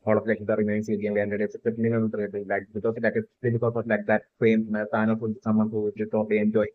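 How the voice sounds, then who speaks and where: A man's voice: lowish voice, monotone, rapid-fire, no echo. A man giving a rambling solo commentary on a theory, packing nearly every phrase with "like" and "uh" and restarting sentences. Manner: filler-heavy, says like constantly, restarts. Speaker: fan theory video maker. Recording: tinny phone-like sound.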